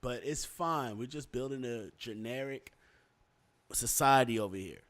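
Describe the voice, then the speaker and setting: Young male podcast host, casual rambling delivery, filler-heavy, middle pitch. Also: a little slow, a bit bright. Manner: loose, rambling, many fillers and restarts.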